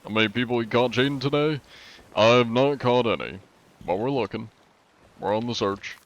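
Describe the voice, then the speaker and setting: A young man streaming a game live, chatting in a relaxed way and answering his chat while he plays. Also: mid-range voice, normal speed, lo-fi sound.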